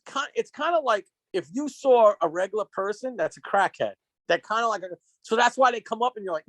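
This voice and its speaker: A man's voice: high voice, lively intonation, fast, fairly bright tone, no room sound. A man filling in as co-host, telling rambling, profane stories in casual chat. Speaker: guest co-host.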